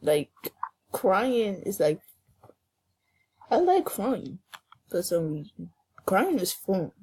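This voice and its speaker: A young woman, in casual teasing banter with a friend, loud and playful. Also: medium pitch, very animated, takes it slowly, noisy background. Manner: playful, loud, whining hums.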